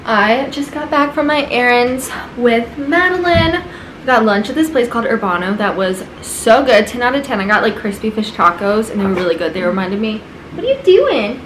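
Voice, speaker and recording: A woman's voice: fairly high pitch, moderate pace, a bit bright, faint music behind. A young woman chatting casually to camera in her apartment, with lots of "like" fillers, now and then talking to her dogs. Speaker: vlogger. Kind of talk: casual vlog chat to camera. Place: apartment at home. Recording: echoey room, noisy background.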